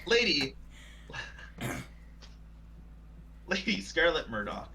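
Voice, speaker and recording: A man's voice: on the high side, very animated, extremely slow, bright, forceful tone, slight background noise, poor audio. A man running a tabletop game as game master, playful and teasing, with frequent hesitations.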